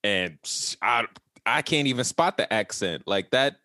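Animated, laughing man co-hosting a podcast. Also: medium pitch, a little slow, no room sound, studio quality. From Caribbean. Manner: animated storytelling, laughs often, profane. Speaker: podcast co-host. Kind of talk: casual podcast banter.

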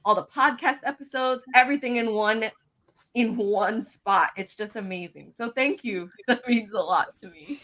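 A woman's voice: fairly high pitch, normal speed, fairly bright tone. Bubbly woman hosting a video show. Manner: bubbly, laughs often. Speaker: podcast host. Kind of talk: casual video chat.

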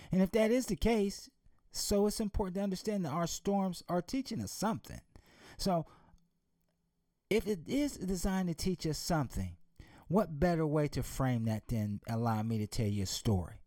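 Fields: lively, emphatic motivational speaker, man. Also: a little high, no echo, studio quality. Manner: emphatic, preacherly, with rhetorical questions. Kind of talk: motivational talk with storytelling.

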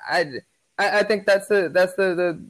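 Guy with a high voice just chatting on a podcast, candid, keeps restarting his sentences. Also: fairly even intonation, moderate pace, a bit bright, poor audio. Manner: candid, repeats words when starting sentences. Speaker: podcast co-host. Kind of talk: casual chat.

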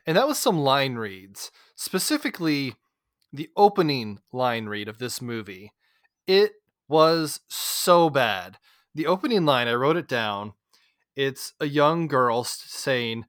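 A man's voice: medium pitch, sing-song, slow, a bit bright, dry recording, clean studio sound. Chatty man hosting a movie chat. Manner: chatty, uses "like" a lot, laughs easily. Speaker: podcast host. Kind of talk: casual movie discussion.

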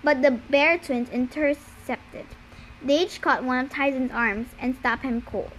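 A woman's voice: high-pitched, unhurried, slight background noise, rough recording. A woman reading a novel aloud, raising her voice for dialogue and sometimes stumbling and restarting words. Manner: reads dialogue with raised voice, occasional stumbles and restarts. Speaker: reader. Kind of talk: amateur audiobook reading.

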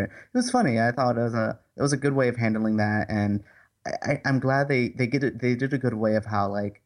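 A man's voice: medium pitch, fairly quick. A man co-hosting a podcast, chatting casually about a superhero movie with enthusiasm and frequent um's and restarts. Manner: enthusiastic, hesitant with fillers and acted-out quotes. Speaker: podcast co-host. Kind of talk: casual movie review chat.

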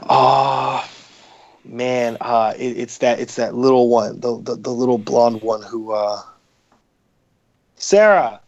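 A man's voice: medium pitch, takes it slowly, long pauses, lo-fi sound. A man, a podcast guest, chatting casually in a rambling, profane way with many fillers. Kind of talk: casual chat.

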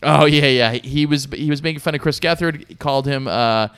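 A man's voice: fairly high pitch, fairly quick, fairly bright tone, smooth, no room sound. A man co-hosting a casual podcast, rambling through a story with sarcastic asides and frequent laughs. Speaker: podcast co-host. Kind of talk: casual chat.

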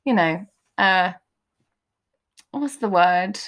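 A Scouse woman chats away as a podcast co-host, telling stories with many fillers. Her voice sits at a middle pitch. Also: expressive, extremely slow, fairly bright tone. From Liverpool, England. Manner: chatty storyteller, rambling with fillers. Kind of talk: casual chat.

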